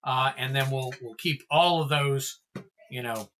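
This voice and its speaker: A man's voice: mid-range voice, measured pace, a bit bright, a little hiss or hum. A man hosting a trading card livestream, chatting casually and thanking viewers by name.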